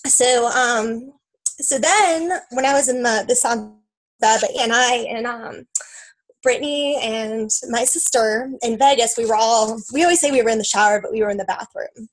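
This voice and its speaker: A woman's voice: fairly high pitch, moderate pace, poor audio. A woman telling her own story in a casual, emotional way, tearful at times, with lots of fillers and quoted self-talk. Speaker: team member sharing her story.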